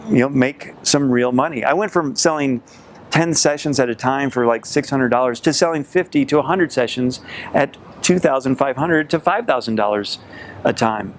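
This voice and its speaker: A man's voice: mid-range voice, normal speed, slight background noise. A man in his forties, a sales coach, telling a personal story to camera in an earnest, reflective way.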